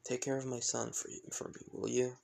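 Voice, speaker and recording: A man voicing a playful fatherly man in a fan-made story, his gravelly voice joking and gently teasing, sometimes dropping soft and low. A plain everyday voice that keeps things light. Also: level tone, normal speed. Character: teasing fatherly man, jokes about grandchildren.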